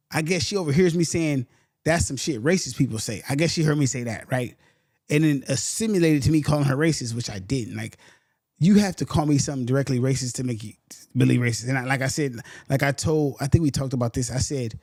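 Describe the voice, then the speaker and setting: Young man, podcast host, fired-up storyteller, slightly high voice, dry close mic. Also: no room sound. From San Antonio, Texas. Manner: animated, heated, slangy, says "bro" a lot. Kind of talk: casual storytelling.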